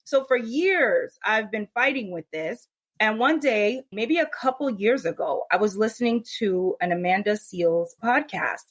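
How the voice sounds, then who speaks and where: A woman born in the United States, a podcast guest telling her story with animated energy. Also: medium pitch, a little slow. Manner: animated, mimics others' voices in quotes. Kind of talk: casual podcast interview.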